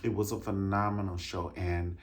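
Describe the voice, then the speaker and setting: A man vlogging casually, animated and chatty, calling his viewers honey and singing out drum rhythms. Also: low voice, normal speed, slight background noise. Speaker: vlogger reviewing a dance concert. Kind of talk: casual chat.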